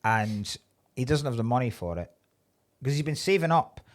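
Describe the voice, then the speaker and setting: A man's voice: mid-range voice, lively intonation, normal speed. A man co-hosting a podcast, chatting casually with blunt, profane opinions. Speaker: podcast co-host. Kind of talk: casual chat.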